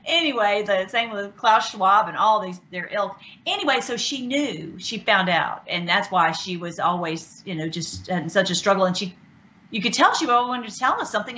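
A woman hosting an online show, talking casually and excitedly, with many restarts and fillers. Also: a little high. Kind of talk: casual talk commentary. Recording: dull lo-fi sound.

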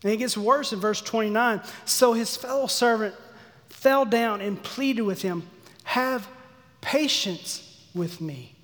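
A man giving a sermon, acting out the characters' pleas with lively energy. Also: extremely high pitch, moderate pace. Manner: animated, acts out the servant's pleas. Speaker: pastor. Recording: long hall reverb.

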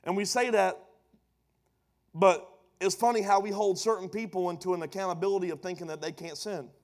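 High-voiced man preaching with emphatic swells. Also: steady tone, a little fast. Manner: emphatic, building to loud punchlines, playful asides. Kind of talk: sermon.

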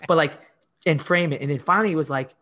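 A man's voice: a little high, fast talker, pushed and bright. A middle-aged man, a fitness coach, telling stories in a casual podcast interview with emphatic delivery, often acting out his own past words. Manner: frequent "like" fillers and restarts.

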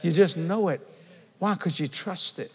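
An older man delivers an animated sermon in a husky, somewhat high voice. He tells stories and keeps checking in with the congregation, and his words ring out with a long reverb from the church hall. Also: a little slow. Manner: animated storytelling, calls and responses with the congregation. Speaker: preacher.

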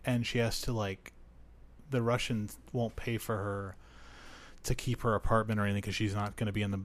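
On a podcast, a man reviews a film in casual chat, rambling, swearing, using lots of fillers and laughing often. His voice is fairly low and level in tone, and he speaks briskly.

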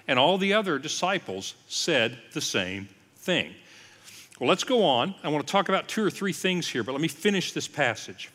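Male pastor, sermon-style teaching, lively storytelling with asides, bright tone, long hall reverb. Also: on the high side, normal speed, breathy edge.

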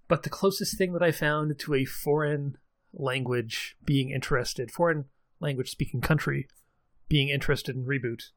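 Unhurried and mid-range, this podcast co-host's voice comes through without echo as he rambles through a casual chat. He's self-deprecating and lets out frequent chuckles.

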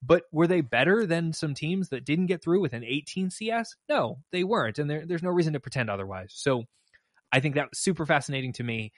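A man's voice: fairly high pitch, expressive, brisk, dry recording. Dry, analytical man podcasting. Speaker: podcast co-host and mock trial coach. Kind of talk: casual podcast chat.

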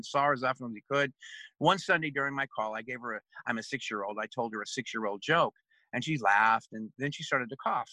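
A man's voice: medium pitch, brisk, bright, forceful tone, no room sound, poor audio. A middle-aged man, an executive coach, earnestly telling a story from a coaching session as a podcast guest, acting out both sides of the talk.

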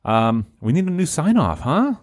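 A man hosting a casual podcast, his pitch rising and falling in a lively way. He jokes with his co-hosts and runs through the closing plugs in a loose, easygoing manner. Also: moderate pace, dry recording, studio quality. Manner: lively, joking, wraps up the show. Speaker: podcast host.

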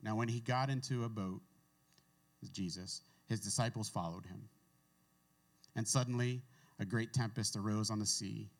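A man with a fairly low voice delivers a casual sermon. He talks in a conversational way, reading scripture aloud and breaking off into offhand asides. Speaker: pastor.

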